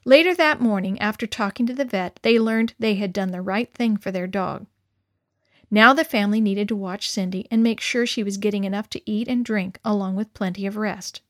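A woman reading a children's story aloud to young listeners in a gentle, clear, expressive way. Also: mid-range voice, moderate pace, no room sound, studio quality.

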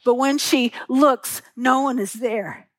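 A middle-aged woman preaches with a bright, high voice, tender and earnest as she tells stories and asks rhetorical questions. Her voice comes through a close mic, dry with no room echo. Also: takes it slowly. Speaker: pastor. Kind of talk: sermon.

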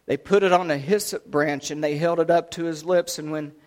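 A man preaching a sermon, retelling a scripture story dramatically, swinging between loud and hushed delivery. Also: on the high side, steady tone, fairly quick.

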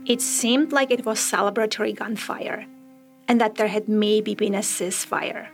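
A woman hosting a podcast, telling a true story in measured, reflective scripted narration. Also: medium pitch, steady tone, soft background music.

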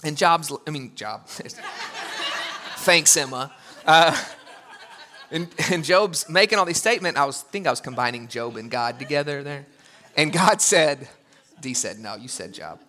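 A man delivers a sermon with a bright, forceful tone. His voice sits a little high. He preaches in an animated way, with joking asides and quoted voices he acts out. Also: normal speed. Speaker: pastor.

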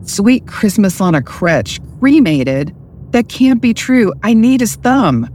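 A woman's voice: on the low side, sing-song, measured pace, a little hiss or hum. A woman voicing a panicked young man who has just become a vampire, talking in frantic bursts. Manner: frantic, shouting, breathless urgency.

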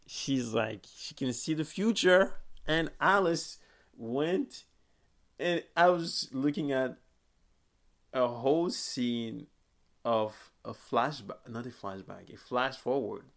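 Young male podcast host with a gravelly voice, mid-pitched, loose and rambling delivery. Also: slow pace, fairly bright tone. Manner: rambling, laughs often, restarts. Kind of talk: casual chat.

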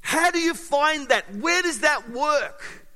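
High, bright-voiced preacher in a reverberant hall. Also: male voice, slow. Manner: animated, swings between loud emphasis and quiet intimacy. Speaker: pastor. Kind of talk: sermon.

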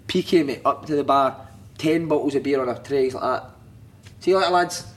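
A man with a Scottish accent chatting casually as a podcast guest, telling animated stories with plenty of swearing. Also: medium pitch, fairly quick, slightly rough. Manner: animated storytelling, heavy swearing, laughing. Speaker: podcast guest, former footballer. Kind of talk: casual chat.

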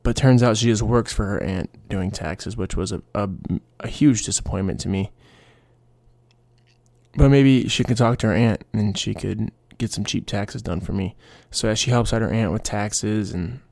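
Young man, podcast host, low gravelly voice, dry close sound, rambling casual storytelling. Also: moderate pace, darkish tone, dry recording. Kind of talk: casual solo podcast chat.

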